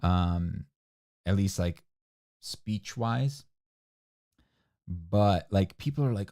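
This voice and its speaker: A man's voice: low-pitched, lively intonation, slow pace, pauses often, dark tone. A man co-hosting a casual livestream, opinionated and ranting with frequent laughs. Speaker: livestream co-host.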